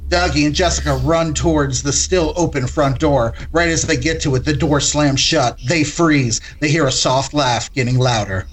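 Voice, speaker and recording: A man hosting, narrating a comedic retelling of a horror film in deadpan style, correcting himself as he goes. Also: on the high side, a little hiss or hum.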